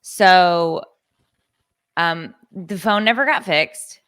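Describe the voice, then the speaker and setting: A woman's voice: fairly low pitch, drawn-out words, a bit bright, clear, resonant tone, dry recording, studio quality. A woman in her thirties co-hosting a podcast, telling a story in a casual, profane and sarcastic way and acting out other people's lines. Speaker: podcast co-host.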